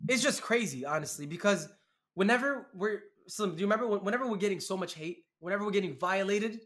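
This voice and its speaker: A podcast co-host with a high, slightly bright male voice talks fast in a casual podcast chat. His tone is heated and mocking, and he tells stories with lots of animation.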